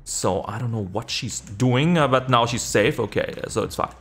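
A man giving live gameplay commentary, excitable, swearing casually, jumping to high yelps when the game gets tense. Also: normal speed, breathy edge. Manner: swears casually and laughs at himself. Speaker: video game streamer.

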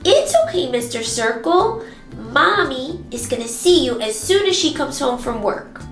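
A young woman leading a toddler circle time lesson with songs, speaking in a slow, exaggerated sing-song way. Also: high voice, expressive. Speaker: preschool teacher. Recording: echoey room with music behind.

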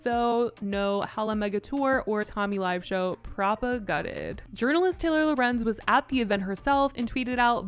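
A woman hosting a gossip show, reading news and giving her opinions in a chatty way. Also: mid-range voice. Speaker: host. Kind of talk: scripted gossip commentary.

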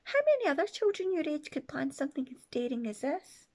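A woman voicing a daring, sweet old grandmother who speaks in a hushed, lowered voice. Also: sing-song, fairly quick.

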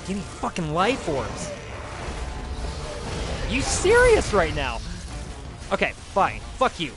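A man giving casual gameplay commentary as a streamer, excitable and profane, with loud outbursts and rants at the game. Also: on the high side, slow, pauses often. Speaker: gaming streamer. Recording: game music playing behind.

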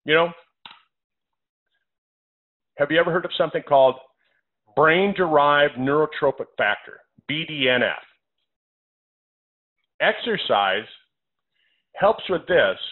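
A man with a fairly high voice talks to listeners on a conference call, working through numbered health points. He hammers his phrases with repetition. The sound is thin and narrow, like a phone line. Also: expressive, a little slow, long pauses. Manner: emphatic, repeats phrases, lists numbered points. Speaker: doctor hosting a health call.

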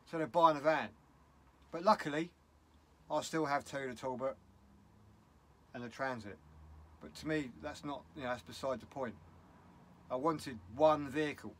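A man's voice: mid-range voice, fairly bright tone. A middle-aged man with a British English accent, talking in a casual vlog, upset and rambling bluntly. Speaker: vlogger.

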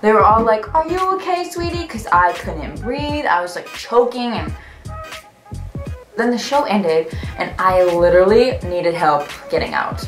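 Excitable young woman telling a story. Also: lowish voice, unhurried. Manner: excitable, gushing, breaks into laughter. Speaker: vlogger. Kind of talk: story time vlog. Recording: roomy echo, faint music.

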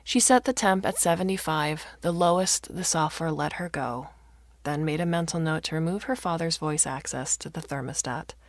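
A woman with a low, noticeably gravelly voice reads a story aloud at a moderate pace, her narration expressive and wry. The recording is dry, close to the mic, and free of echo.

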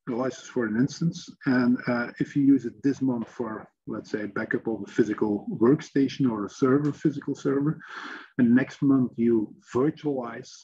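A man presenting a webinar training session, talking in a halting way with many fillers. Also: mid-range voice, dark tone. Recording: dull lo-fi sound with faint noise.

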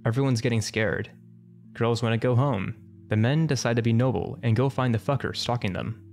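Male narrator, mid-pitch, dry matter-of-fact comic storytelling, faint music behind. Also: brisk, a little mellow. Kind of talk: comedic narration of an internet story.

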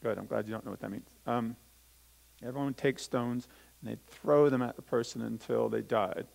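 A man with a gravelly voice pitched in the middle range leads a children's talk in a church. He reads a scripture passage aloud and stops to explain hard words simply for the kids. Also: normal speed, darkish tone, poor audio. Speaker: pastor. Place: church sanctuary.

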